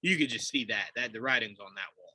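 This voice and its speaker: A man co-hosting a podcast in casual chat, animated and laughing often as he acts out quotes. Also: fairly low pitch, fast talker, no echo, poor audio. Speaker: podcast co-host.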